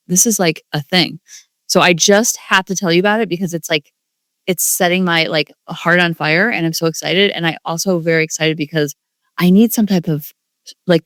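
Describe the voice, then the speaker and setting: In a casual solo monologue, a podcast host in her forties rambles and gushes, leaning heavily on the word "like." She speaks in a low register, captured in a dry, clean studio recording.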